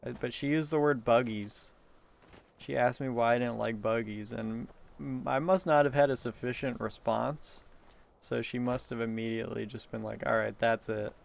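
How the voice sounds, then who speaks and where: A man's voice: mid-range voice, steady tone, moderate pace, creaky. A man talking in a rambling solo monologue, meandering and profane, with frequent laughs and restarts.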